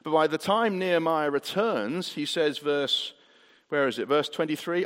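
Brief: male pastor, sermon, earnest and repetitive, fairly high pitch, reverberant church hall. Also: moderate pace, fairly bright tone. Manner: earnest, rhetorical questions and repetition.

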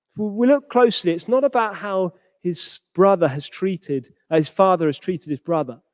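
A man delivers a sermon in a high, bright voice, and he acts out the quoted lines of the people in his story. The sound is dry and close, with no room echo. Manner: acts out quoted characters with rising pitch. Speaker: preacher.

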